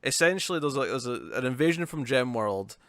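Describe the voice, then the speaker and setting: A British man chats about comics on a podcast. His delivery is loose and animated, full of restarts and quick retellings. The recording is close and dry, with no room sound. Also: medium pitch, no room sound. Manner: chatty, lively retelling with laughs and restarts. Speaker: podcast co-host. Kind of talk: casual comic review chat.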